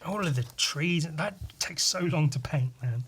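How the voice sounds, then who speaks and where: A man with a slightly high voice talks through a casual solo podcast. He rambles along, swears freely and makes fun of himself. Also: unhurried, a bit bright, a little hiss or hum. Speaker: podcast host.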